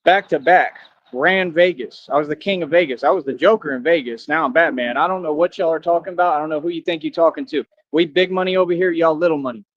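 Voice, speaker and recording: Brash fast-talking man ranting on stream. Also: on the high side, no room sound, lo-fi sound. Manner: brash, confrontational, slangy trash talk. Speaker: livestreamer. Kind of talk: boastful livestream rant.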